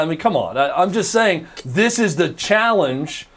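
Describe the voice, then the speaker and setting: A man's voice: sits high, lively intonation, moderate pace, fairly bright tone. A man in his thirties co-hosting a talk show, his voice sitting a little above the usual male range. He rambles through stories with emphatic, self-deprecating insistence. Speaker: radio talk show host. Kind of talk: casual talk show banter.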